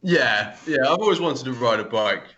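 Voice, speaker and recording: A man, a band member casually telling a story, animated and laughing, acting out other people's lines. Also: mid-range voice, moderate pace, highs cut off. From Essex, England.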